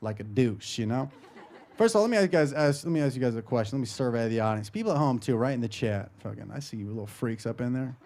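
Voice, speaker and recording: A man doing a stand-up comedy set on a stage microphone, brash and profane, jumping into loud high-pitched voices for his bits. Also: expressive, quick pace. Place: live comedy show. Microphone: handheld stage microphone.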